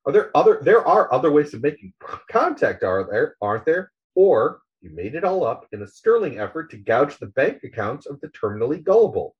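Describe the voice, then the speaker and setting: Animated man recounting a comic, lo-fi. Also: a little high, a little fast. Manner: animated storyteller, swears freely. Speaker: podcast host. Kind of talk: casual chat, recounting a comic.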